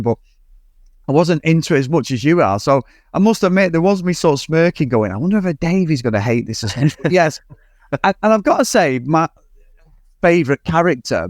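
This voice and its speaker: A man's voice: a little high, no echo, clean studio sound. A man co-hosting a podcast, chatting about a film in a rambling, sweary way and laughing often. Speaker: podcast co-host. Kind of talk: casual film review chat.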